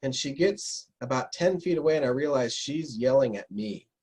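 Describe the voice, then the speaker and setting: A man telling lively anecdotes in a casual interview, slipping into imitations of the people he met. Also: mid-range voice, normal speed, slightly rough. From North America. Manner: animated anecdotes, mimics Spanish speakers. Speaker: interview guest. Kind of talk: storytelling in casual conversation.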